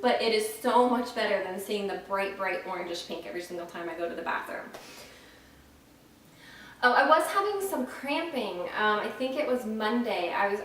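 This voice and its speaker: A woman's voice: mid-range voice, fairly bright tone, recorded from a distance. Chatty young woman in an echoey room. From Florida. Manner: chatty, frank, many ums and restarts. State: dry mouth, short of breath. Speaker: vlogger. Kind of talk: casual pregnancy update vlog. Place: at home, indoors. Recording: very echoey room, faint noise, off-mic.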